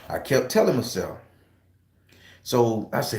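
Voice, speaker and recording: Man, casual storytelling, profane, emphatic, middle pitch, echoey room. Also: animated, moderate pace, darkish tone. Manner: profane, emphatic, talks straight to his audience. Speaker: tarot reader and channel host.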